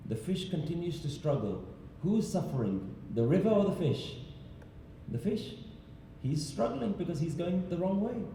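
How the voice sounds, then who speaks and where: A man's voice: sits high, warm tone, slight background noise. A man giving a sermon-style talk in a large temple hall, telling a story and asking rhetorical questions. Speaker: religious speaker. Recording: echoey hall, distant mic.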